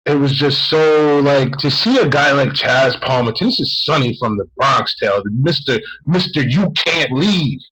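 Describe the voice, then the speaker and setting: A man's voice: mid-range voice, moderate pace, hardly any pauses, fairly bright tone, low-quality recording. A man telling a story in a casual, rambling way as a podcast host.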